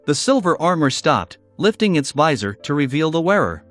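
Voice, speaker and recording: Audiobook narrator, male, fairly high, very lively intonation. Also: moderate pace, faint music behind. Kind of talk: audiobook narration of a fantasy novel.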